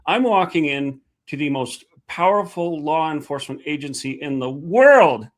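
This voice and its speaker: A man's voice: a little high, animated, moderate pace. A man hosting a heated interview, speaking with indignation that rises into outrage. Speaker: host.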